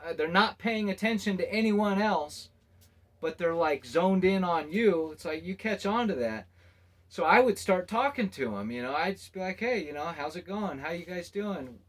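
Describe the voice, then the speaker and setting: A man's voice: high voice, fairly bright tone. A man vlogging, talking in a rambling, exasperated way and laughing often. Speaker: travel vlogger. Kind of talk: casual monologue to camera.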